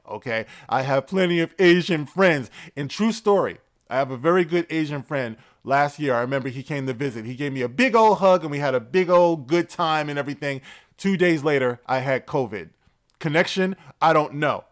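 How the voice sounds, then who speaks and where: A man with a somewhat higher voice delivers casual spoken commentary. He is conversational and animated, and he drifts into fillers and asides as he goes. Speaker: commentary vlogger.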